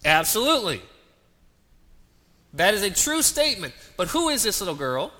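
A man's voice: high voice, very animated, normal speed, sharp tone. A man preaching a sermon, dramatic and full of rhetorical questions to the congregation. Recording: long reverb of a large hall.

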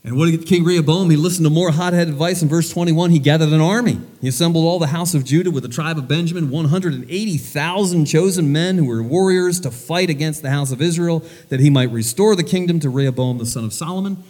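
A man preaching a sermon, reading scripture aloud and retelling it in lively, everyday words. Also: a little high, quick pace, hardly any pauses, big-room sound. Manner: animated, paraphrasing scripture in plain everyday words.

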